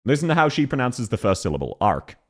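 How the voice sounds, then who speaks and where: An Australian man streaming and casually reacting to voice clips, blunt and quick to laugh, swearing freely. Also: mid-range voice, sing-song. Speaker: streamer reviewing voice acting.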